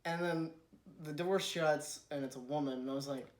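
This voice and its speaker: A man's voice: on the high side, brisk. A young adult man co-hosting a casual chat, rambling through funny anecdotes and acting out the people in them. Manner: rambling storyteller who acts out voices in his anecdotes. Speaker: podcast co-host.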